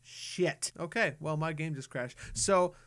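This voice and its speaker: A woman from Canada giving casual, playful commentary while playing a game, swearing and shouting when startled. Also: low-pitched, lively intonation, moderate pace. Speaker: let's play host.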